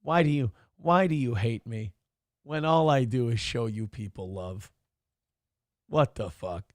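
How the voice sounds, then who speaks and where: A man's voice: medium pitch, unhurried, dry recording, clean studio sound. A man hosting a morning show, chatting casually, rambling and swearing as he thinks aloud. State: a little out of breath. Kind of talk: casual live-stream chat.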